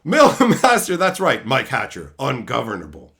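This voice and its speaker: A man's voice: sits high, normal speed. A man telling brash, profane stories in a casual stream chat. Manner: profane, brash, animated storytelling.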